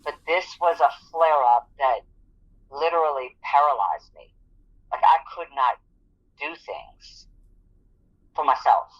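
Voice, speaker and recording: A woman's voice: deep voice, expressive, slow, long pauses. A middle-aged woman, an interview guest, telling her personal story in an earnest, vivid way. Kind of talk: personal testimony in conversation. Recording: dull lo-fi audio.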